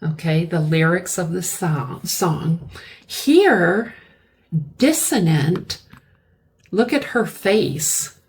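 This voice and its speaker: A woman teaching English vocabulary, explaining words slowly and repeating key terms. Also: fairly low pitch, lively intonation, a little mellow. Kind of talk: slow classroom-style vocabulary lesson.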